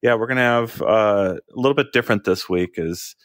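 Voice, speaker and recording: Deep-voiced male co-host. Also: fairly quick, no room sound, clean studio sound. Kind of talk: casual tech show chat.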